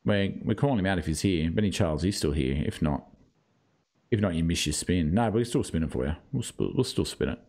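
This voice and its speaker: A man's voice: low voice, lively intonation, brisk, darkish tone. An Australian man hosting a casual podcast chat with mates, blokey and loose, swearing now and then and cutting in over others. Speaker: podcast host.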